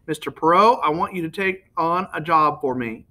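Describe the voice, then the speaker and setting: A wealthy American businessman who talks softly and persuasively, with a faintly nasal edge, voiced by a man reading a novel aloud. The voice sits a little high and sounds bright. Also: moderate pace.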